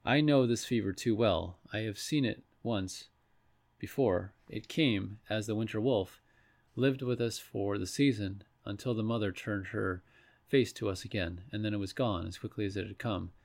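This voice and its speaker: A man reading a grieving solemn witch in a storybook, speaking in a measured, steady way. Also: lowish voice, creaky.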